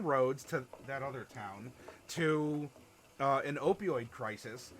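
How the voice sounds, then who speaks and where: Male streamer host, casual and rambling, bright voice pitched slightly high. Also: big pitch swings, a little slow. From Ohio. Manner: chatty, rambling, reads chat aloud and laughs often. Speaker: streamer running a worldbuilding workshop. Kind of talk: casual live-stream talk to chat.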